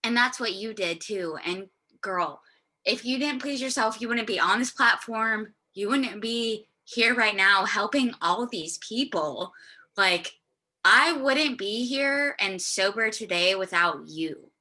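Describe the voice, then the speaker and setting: Woman group member, slow, bright and forceful, emphatic heartfelt tone. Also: medium pitch, lively intonation. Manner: warmly emphatic, calls the listener girl. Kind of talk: casual heartfelt share.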